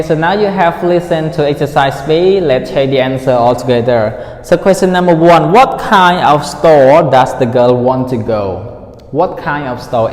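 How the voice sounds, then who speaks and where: A man's voice: mid-range voice, a little mellow. A male English teacher running a listening lesson, repeating words to drill pronunciation and checking in with "right?" after each point. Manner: asks the class frequent "right?" checks. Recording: echoey room with long reverb.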